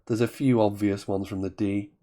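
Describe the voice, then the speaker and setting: A man's voice: fairly low pitch, steady tone, moderate pace, dark tone. A man commentating live on a word game, thinking aloud and often correcting himself. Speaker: Scrabble commentator.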